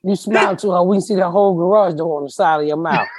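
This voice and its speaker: A woman's voice: on the low side, fast talker, heavy background noise. A woman hosting a casual comedy podcast who roasts people bluntly and crudely, sometimes talking while eating. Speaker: podcast host.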